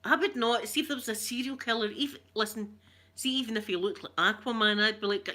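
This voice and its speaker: A woman's voice: a little high, a little fast, sharp tone. A middle-aged woman with a Scottish accent chatting casually with her live viewers, rambling, laughing often and greeting them by name. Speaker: ASMR livestreamer reading viewer comments.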